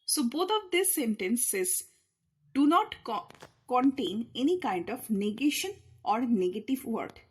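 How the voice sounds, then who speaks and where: A woman teaching an English grammar lesson, explaining each point slowly and patiently with repeated examples. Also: a little high, very animated, breathy edge. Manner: leans hard on key words when showing emphasis.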